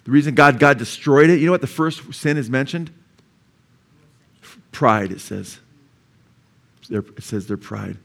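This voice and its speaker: A man's voice: medium pitch, measured pace, gravelly, long pauses, a bit bright. A male pastor preaching a conversational sermon, full of asides and rhetorical questions.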